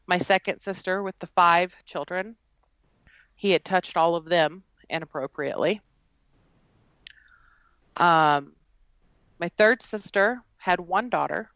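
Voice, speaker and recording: A woman with a fairly low voice, sharing a personal story on a podcast. She speaks earnestly and haltingly, with plenty of fillers. The recording is dry and a little muffled. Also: fairly bright tone, no echo. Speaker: guest.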